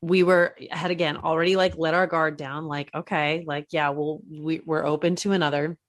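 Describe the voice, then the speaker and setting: A woman's voice: sits low, level tone, normal speed. A pregnant woman hosting a casual conversation, chatty and laughing as she acts out her own past thoughts. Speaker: podcast host.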